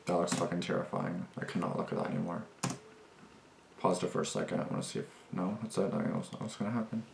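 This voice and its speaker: A young man hosts a reaction video in a deep, fairly even voice with vocal fry, talking at a quick pace. He rambles casually and agitatedly, swearing a lot and restarting, in an echoey room with noisy background.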